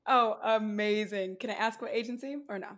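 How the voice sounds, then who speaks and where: A woman's voice: medium pitch, steady tone, a little fast, fairly bright tone. Bubbly woman podcast host. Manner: bubbly, effusive, laughs often. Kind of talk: casual chat.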